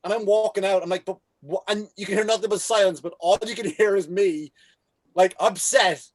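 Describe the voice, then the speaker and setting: A man co-hosting a podcast, telling crude jokes in a lively, playful way. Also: high-pitched, fairly quick, no room sound. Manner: crude, joking, lively delivery. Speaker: podcast co-host. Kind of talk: casual podcast chat.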